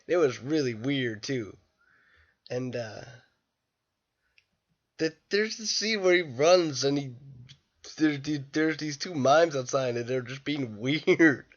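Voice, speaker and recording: A man's voice: medium pitch, slow pace, long pauses. Tired young man rambling a movie review. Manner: rambling, loose and irreverent, mimics lines in loud bursts. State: tired late at night. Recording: dull lo-fi home recording.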